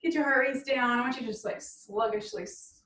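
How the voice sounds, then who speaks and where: A woman's voice: sits high, brisk, fairly bright tone, roomy sound, recorded from a distance, low-quality recording. A woman fitness instructor leading an online cool-down and stretch class, encouraging and upbeat, laughing often. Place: room at home on a video call.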